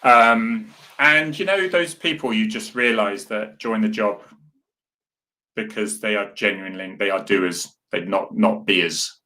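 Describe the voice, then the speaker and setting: A man's voice: lowish voice, measured pace, bright, forceful tone. A man hosting a casual live chat, talking earnestly and rambling as he answers viewer comments. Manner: rambling, earnest, with many restarts and asides to viewers. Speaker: host.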